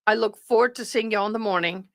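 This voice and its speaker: A woman chats loosely with her livestream viewers, wandering from one aside to the next. She sounds tired, and her voice sits at a middle pitch. The sound is dry and close, with no room echo. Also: fast. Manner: chatty, rambling, warm toward viewers. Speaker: livestream host. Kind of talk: casual chat with live viewers.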